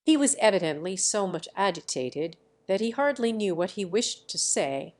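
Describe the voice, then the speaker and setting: A woman's voice: medium pitch, big pitch swings, moderate pace. Woman narrating a classic novel. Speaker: audiobook narrator. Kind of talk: scripted literary narration.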